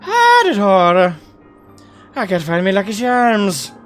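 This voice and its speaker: A game streamer putting on an exaggerated stereotypical Irish man's voice, high and playful. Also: huge pitch swings, slow pace, a bit bright, soft background music, exaggerated voice. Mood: mock-dramatic. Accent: put-on stereotypical Irish. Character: stereotypical jolly Irish man.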